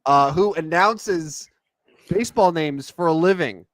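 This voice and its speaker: A man co-hosting a sports podcast, chatting casually about basketball stats and players with an animated delivery. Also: fairly high pitch, unhurried, no room sound. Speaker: podcast co-host. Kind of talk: casual sports chat and game commentary.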